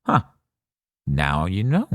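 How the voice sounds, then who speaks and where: A man's voice: sits low, takes it slowly, dry recording, studio quality. A man co-hosting a podcast, reviewing a movie in casual, exasperated rants. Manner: animated, exasperated ranting with swearing. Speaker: podcast co-host.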